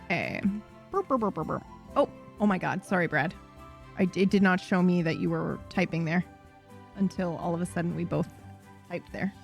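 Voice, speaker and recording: A woman's voice: on the low side, fairly even intonation, normal speed, gravelly, soft background music. A woman hosting a live stream, talking casually in a rambling, self-correcting way and swearing freely. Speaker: stream host.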